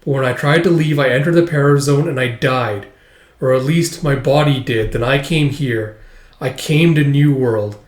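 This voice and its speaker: A man voicing the gentle spirit of a loving father, speaking softly and soothingly. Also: mid-range voice, normal speed, echoey room, lightly acted. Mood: tender.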